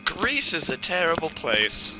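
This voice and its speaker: A young man co-hosting a livestream, answering with dry deadpan jokes in casual banter. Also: a little high, measured pace. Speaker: livestream co-host. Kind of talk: casual improvised comedy banter. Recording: loud music under the voice.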